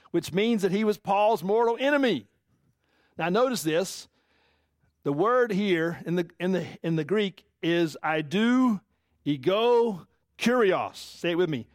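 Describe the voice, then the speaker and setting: A male pastor preaching a sermon, animated and chuckling often, putting questions to his congregation. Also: high-pitched, no room sound, studio quality.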